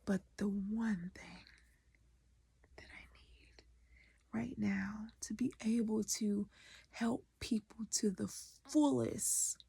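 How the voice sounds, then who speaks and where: A woman's voice: on the high side, creaky, darkish tone, slightly rough, dry recording. A woman educator and artist venting in a raw, candid vlog, often dropping to a half-whisper and swearing freely.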